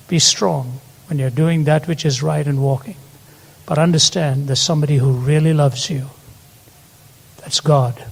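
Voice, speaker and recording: A man's voice: fairly high pitch, a little mellow, slightly rough. An older man preaching a sermon, telling stories earnestly and building to emphatic peaks. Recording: long hall reverb.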